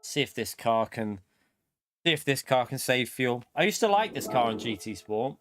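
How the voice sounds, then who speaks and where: A man's voice: medium pitch, very animated, moderate pace, faint music behind. A man in his thirties commentating casually on his racing game live stream, often repeating and exclaiming. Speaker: gaming streamer. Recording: noisy background with car sounds.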